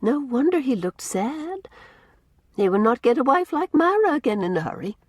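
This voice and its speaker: A woman's voice: high-pitched, very animated, moderate pace, darkish tone, dry recording, clean studio sound, pitched above the performer's own voice. A woman voicing a prim, pious older housekeeper who speaks formally and sounds easily shocked. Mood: solemn.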